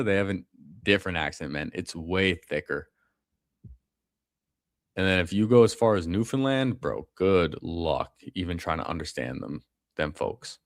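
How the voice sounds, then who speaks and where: A man with a low voice talks through his fantasy football draft in a loose, slangy way, tossing in bro and man. He sounds relaxed and conversational. His voice is close and dry, with no room sound. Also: dry recording. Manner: casual, slangy, calls people bro and man. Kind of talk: casual live commentary.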